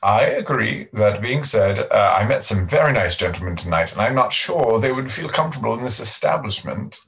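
A man's voice: lowish voice, animated, fairly bright tone, rough recording. A man playing a prim, cautious male director who speaks politely and formally. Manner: polite, measured, slightly formal.

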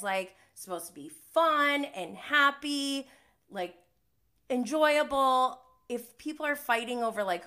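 A woman's voice: medium pitch, sharp tone. A young woman hosting a live stream, chatting casually through a TV episode recap, laughing and using many fillers. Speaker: recap host.

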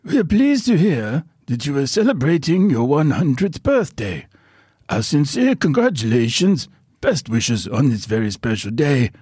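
A pompous old king with a plummy, put-on posh English accent, as a man hams it up. He is grandly formal, with a slightly husky edge and a pitch that swings widely. The sound is dry and close. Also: very animated, normal speed, darkish tone, no room sound. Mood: stately. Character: pompous elderly male British king.

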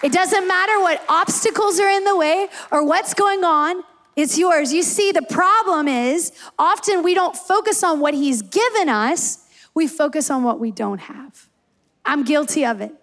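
A woman pastor with a high voice preaches and tells stories from her family. She speaks with emphasis and often repeats a line to drive it home. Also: measured pace, fairly bright tone. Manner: emphatic, repeats key lines for stress. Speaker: campus pastor. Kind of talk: sermon with personal stories.

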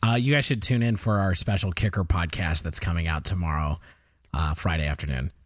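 A man's voice: low voice, fairly quick, dry recording, clean studio sound. A man co-hosting a fantasy football podcast, joking and bantering in casual chat. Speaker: podcast co-host.

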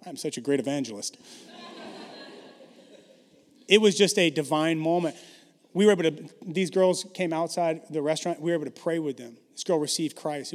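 A man delivers a storytelling sermon in a conversational, self-deprecating way, full of false starts. His voice sits a little high for a man. The sound carries the long reverb of a large church hall. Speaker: pastor.

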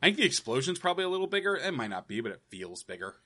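A man's voice: a little high, big pitch swings, rapid-fire, pushed and bright. A man co-hosting a casual gaming podcast, talking in a wry, jokey way. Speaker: podcast co-host.

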